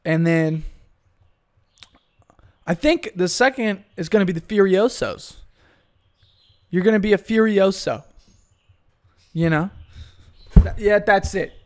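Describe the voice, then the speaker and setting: A man's voice: high-pitched, slow, pauses often. A young man hosting a solo podcast, ranting in a profane, rambling way and often breaking off mid-thought. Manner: profane, rambling, self-interrupting. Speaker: podcast host.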